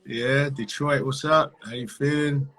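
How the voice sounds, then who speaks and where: A man hosting a casual livestream chat, greeting viewers by name in a laid-back, halting way. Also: mid-range voice, fairly even intonation, fairly bright tone. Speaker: livestream host.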